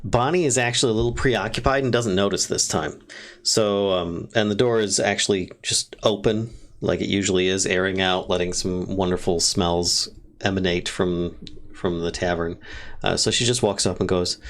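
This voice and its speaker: A man narrating as game master, halting with many fillers while he looks things up. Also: sits low, fairly even intonation.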